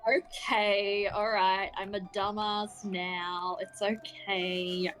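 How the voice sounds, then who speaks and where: A woman's voice: medium pitch, flat delivery, drawn-out words, fairly bright tone, soft background music. A young woman co-hosting a visual novel read-along, chatting casually with teasing quips. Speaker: co-host reading a visual novel aloud. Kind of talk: casual chat.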